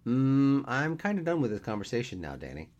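A man voicing a wry, deadpan man in his thirties who teases his friend in a storybook reading. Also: mid-range voice, a little fast, highs cut off, pitched above the performer's own voice. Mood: wry, teasing. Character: dry, teasing man past thirty, a friend.

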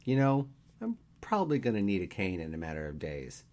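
A man playing a melodramatic guy just turned thirty, whining and making a scene over nothing. The voice sits a little low but leaps around with lively pitch in a read-aloud story. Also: brisk. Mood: mock-dramatic. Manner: whiny, theatrical, complaining. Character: dramatic self-pitying man turning thirty.

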